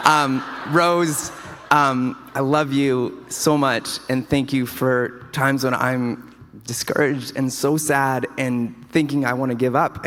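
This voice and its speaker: Male award recipient, mid-pitched, chatty and storytelling, in a reverberant ballroom. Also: fairly bright tone, a little hiss or hum. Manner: casual, storytelling, enthusiastic. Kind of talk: award acceptance speech. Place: large hotel ballroom. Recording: long hall reverb.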